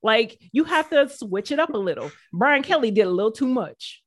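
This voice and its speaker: A woman's voice: a little high, expressive, normal speed. A young woman with a slight Southern drawl, co-hosting a podcast in a blunt, sassy, slangy way. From American South. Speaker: podcast co-host. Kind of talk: casual chat.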